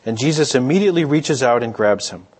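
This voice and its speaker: A middle-aged man preaching in an easygoing, storytelling way, his voice a little husky and sitting at an ordinary pitch. He slips into the voices of the people in his stories, chatting with the listeners rather than lecturing them. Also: expressive, fast talker. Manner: conversational storytelling, acts out quoted voices. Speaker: pastor. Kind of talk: sermon.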